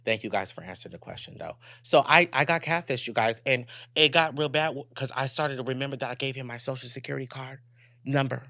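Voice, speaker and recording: A young man hosts his own podcast and tells a personal story with blunt, profane candor. He keeps turning to his listeners, dropping low and hushed and then rising sharply. The recording is dry and close, with no room sound. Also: fast, gravelly, no room sound. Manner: animated, candid and profane, addresses listeners directly. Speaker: podcast host.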